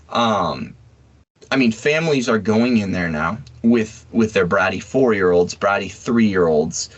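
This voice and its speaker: A man co-hosting a casual podcast, blunt and mocking, talking loosely with fillers and the odd laugh. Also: lowish voice. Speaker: podcast co-host. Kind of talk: casual opinionated chat.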